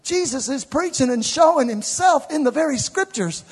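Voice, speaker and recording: A man preaching a sermon to a live congregation in a church, swinging from shouted peaks to low, conversational asides and joking with the listeners. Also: lively intonation, moderate pace. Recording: long hall reverb.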